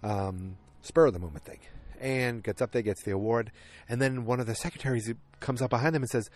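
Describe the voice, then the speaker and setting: A man's voice: medium pitch, brisk, darkish tone. A man chatting casually outdoors on a windy evening, rambling through a recap of a TV episode and acting out the characters' lines as he goes.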